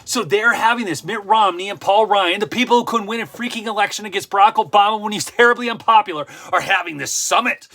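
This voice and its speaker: A man's voice: high-pitched, fast, hardly any pauses, sharp tone. A man hosting a casual political livestream, ranting emphatically, repeating points and tossing in "okay?" asides. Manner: frequent "okay?" asides and self-interruptions.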